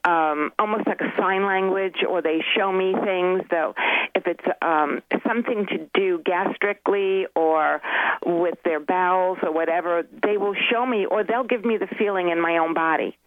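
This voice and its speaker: A woman's voice: fairly low pitch, normal speed, no echo. Earnest woman on a tinny phone line. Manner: earnest, rambling storytelling with many restarts. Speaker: guest animal communicator. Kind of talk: phone-in radio interview. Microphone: telephone.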